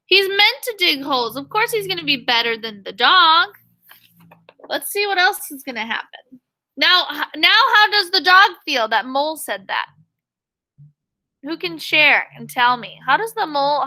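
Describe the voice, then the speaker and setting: Over a video call, a woman teacher leads an online reading lesson, reading a picture book aloud and animatedly asking her pupils questions. She speaks in a high voice at a moderate pace.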